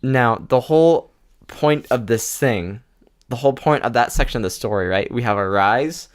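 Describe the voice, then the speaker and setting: A man's voice: medium pitch, expressive, moderate pace. A young man co-hosting a casual podcast, teasing his friend, laughing and swearing a lot. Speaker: podcast co-host.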